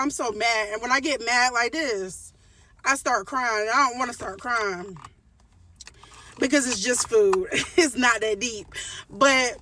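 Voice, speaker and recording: A woman's voice: a little high, pushed and bright, far from the mic, slight background noise. A woman telling a storytime to her viewers in a casual rant, emphatic and repeating her phrases with frequent restarts.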